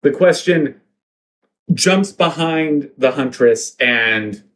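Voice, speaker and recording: Slow, halting improv storyteller. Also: medium pitch, lively intonation, a bit bright. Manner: halting, restarts often, builds the plot aloud. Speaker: storyteller, co-host.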